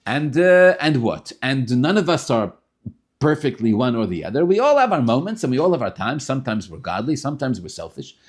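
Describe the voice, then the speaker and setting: A man teaching a Tanya class in an animated way, often repeating himself and restarting phrases. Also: medium pitch, breathy edge. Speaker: Torah teacher.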